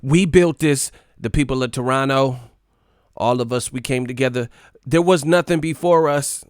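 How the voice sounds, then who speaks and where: A man's voice: mid-range voice, slow, clear, resonant tone, no room sound, studio quality, voice pushed up, lightly acted. A man doing an exaggerated impression of a boastful rapper giving a hype speech, with shifting mock accents.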